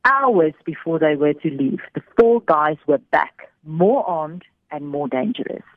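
A woman telling a faith story on the radio, animated, giving voice to the people in it. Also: sits low, unhurried, dry recording. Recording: thin phone-like radio sound.

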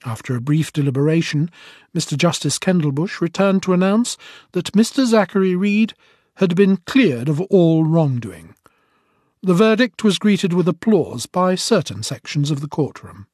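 Man, formal reportorial narration, higher voice, dry close recording. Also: animated, normal speed, a little mellow, no echo. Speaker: audiobook narrator.

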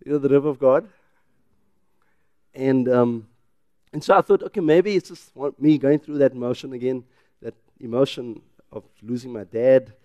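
At normal speed and medium pitch, a South African English-accented pastor delivers a sermon in church. Loud emphatic declarations give way to soft personal storytelling, and no room sound is audible.

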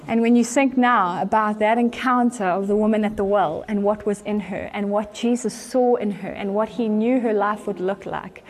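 A woman's voice: medium pitch, a little mellow, slight background noise. A woman preaching, retelling a story earnestly and with animation. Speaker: church speaker. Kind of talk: storytelling sermon.

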